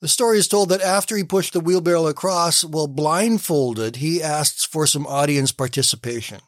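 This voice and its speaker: A man hosting a short morning devotional, telling stories and reading scripture aloud with gentle emphasis. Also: fairly high pitch, normal speed, dry recording, clean studio sound. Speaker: devotional radio host.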